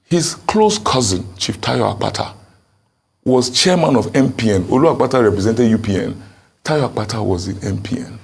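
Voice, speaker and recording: Man, Nigerian accent, husky, mid pitch, emphatic interview answers. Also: lively intonation, moderate pace. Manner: emphatic, insistent. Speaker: political candidate.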